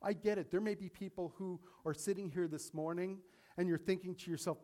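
Guy preaching a sermon, kinda high voice, gets loud acting out pleas then slows way down on the big points. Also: steady tone. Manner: preaching with rising intensity, acting out pleas to God; slows down to stress key points. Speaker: pastor.

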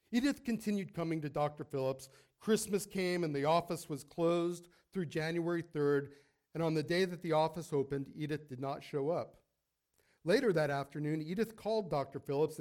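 A man preaching a sermon, telling a story and calling out to the congregation in an animated way. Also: on the high side. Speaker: pastor.

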